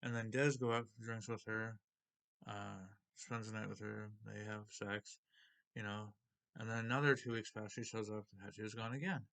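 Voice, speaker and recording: A man's voice: fairly low pitch, steady tone, moderate pace, creaky, fairly bright tone. A man hosting a comic book video, casually retelling a story and unboxing comics in a loose, rambling way.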